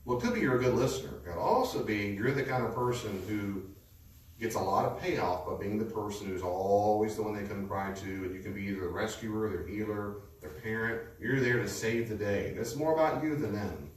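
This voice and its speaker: A man's voice: lowish voice, brisk. Lecturing man, echoey room from afar. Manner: lively storytelling, lecturing. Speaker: speaker teaching a class. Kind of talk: conversational teaching talk. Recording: echoey room, distant mic, faint noise.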